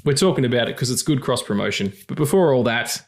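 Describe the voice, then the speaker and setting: A man's voice: mid-range voice, lively intonation, fast talker. A man hosting a film podcast in casual chat, joking, swearing and laughing often. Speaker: podcast host.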